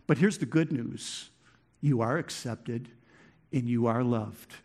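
A man preaching a sermon, swinging from loud impassioned peaks to quiet, earnest lows, often restarting phrases. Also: takes it slowly. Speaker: pastor. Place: church.

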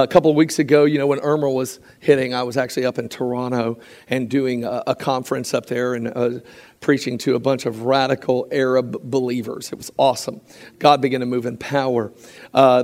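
A man preaching a sermon, telling lively stories and acting out quotes, with frequent restarts. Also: mid-range voice. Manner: animated storytelling with acted quotes and frequent restarts.

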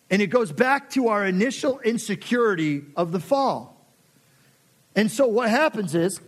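A middle-aged man preaching a sermon, passionate and conversational, acting out quoted voices. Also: sits high. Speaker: pastor.

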